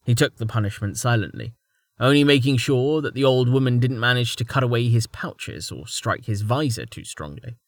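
A man narrating a fantasy audiobook in an expressive reading style. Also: mid-range voice, normal speed, no room sound, studio quality.

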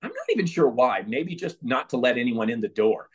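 Animated male storyteller, lively voice. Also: mid-range voice, brisk, slightly rough. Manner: animated, laughs through stories, acts out quotes. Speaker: podcast guest, former page. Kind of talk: anecdotal storytelling in an interview.

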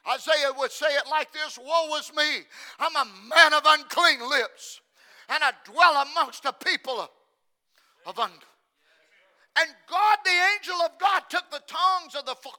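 A man preaching a sermon, shifting from shouted lines to hushed, near-whispered ones and repeating phrases for emphasis. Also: very high-pitched, moderate pace.

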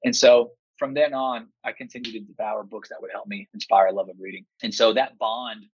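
A man in his thirties, a teacher and father, telling stories with animated, emphatic energy and acting out quotes. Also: medium pitch, fairly quick, slightly rough, highs cut off. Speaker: podcast guest, teacher and father. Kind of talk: enthusiastic storytelling chat.

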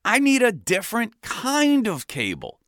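A man's voice: high voice, wildly swooping pitch, measured pace, a bit bright, no room sound, studio quality, voice pushed up, heavily acted. A man voicing a frustrated, impatient male customer who snaps in exasperation. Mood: fed up. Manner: exasperated, snapping.

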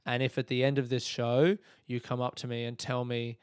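A sleepy podcast host talks by himself late at night in his room, delivering a loose monologue full of rambling, yawns, profanity and self-mockery. Through a podcast mic, his medium-pitched, slightly mellow, smooth voice moves fairly quickly with few pauses, captured at studio quality with no room sound.

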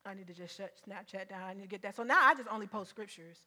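A woman's voice: medium pitch, fast, bright, forceful tone. A woman preacher giving a sermon in an emphatic, conversational way, often repeating her points.

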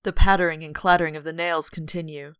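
Woman reading gothic horror aloud, lowish voice. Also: steady tone, fast talker, fairly bright tone, clear, resonant tone. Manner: dramatic read-aloud broken by wry asides.

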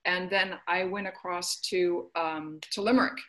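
A woman's voice: on the low side, steady tone, unhurried, fairly bright tone. A woman hosting a podcast, chatting eagerly with her guest. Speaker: host. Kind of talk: casual chat.

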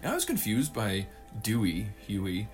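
A man's voice: lowish voice, huge pitch swings, moderate pace, over music. A man co-hosting a casual chat about movies. He talks loosely and swears a lot, and he acts out quotes in silly voices. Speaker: podcast co-host.

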